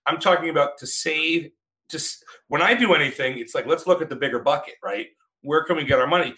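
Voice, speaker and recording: A man's voice: fairly high pitch, brisk, bright, forceful tone, low-quality recording. A man, a restaurateur guest, talking emphatically and joking in a casual panel chat.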